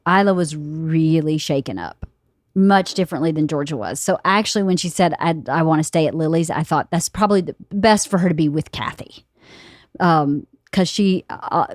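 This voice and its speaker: A woman's voice: low-pitched, normal speed, no room sound, clean studio sound. A woman in her fifties hosting a podcast, chatting casually and acting out quotes as she tells a story. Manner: animated storyteller who laughs often and acts out quotes. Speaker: podcast host. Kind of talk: casual chat. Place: home studio room.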